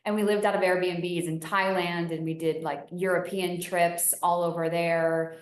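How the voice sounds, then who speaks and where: A young woman, a business founder and podcast guest, telling stories in a chatty, animated way with many fillers, her voice rising when she gets excited. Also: fairly low pitch, a little slow. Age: young adult. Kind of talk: casual interview storytelling. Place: home in Costa Rica. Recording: echoey room.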